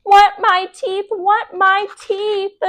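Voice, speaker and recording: A babyish toddler boy, as a woman reading a bedtime story acts him out squeals his words in a very high, sing-song voice. He stretches out his babyish words. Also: lively intonation, slow pace, fairly bright tone, heavily acted. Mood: whimpering.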